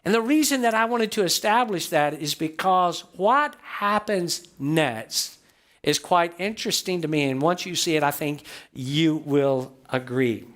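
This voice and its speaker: A man's voice: a little high, unhurried, a bit bright. A man pastor preaching a storytelling sermon in a church, reading a quoted passage aloud and regularly checking in with the congregation. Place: church sanctuary.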